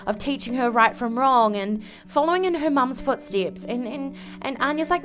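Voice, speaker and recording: A woman narrating a life-sim game story with animated, dramatic flair. Her voice is fairly high. Soft guitar music plays faintly in the background. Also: normal speed, few pauses. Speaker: game video creator. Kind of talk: story narration over gameplay.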